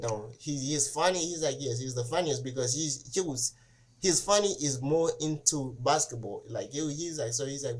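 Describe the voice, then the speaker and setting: A man hosting a casual sports podcast who tells stories with lots of "he's like" and acts out the quotes. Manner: animated storyteller, acts out quotes with rising pitch. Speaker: podcast host.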